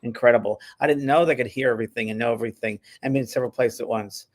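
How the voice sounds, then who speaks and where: A man's voice: medium pitch, rapid-fire. A man hosting a casual chat, telling anecdotes and acting out the voices in them. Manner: chatty storyteller, acts out quoted voices, laughs often. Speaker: spiritual medium and show host.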